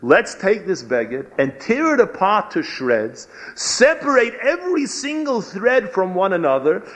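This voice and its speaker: A man's voice: high voice, fairly bright tone, pitched above the performer's own voice, exaggerated voice. A man voicing an earnest pleading tailor. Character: humble male tailor pleading innocence to a king. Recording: dull lo-fi recording.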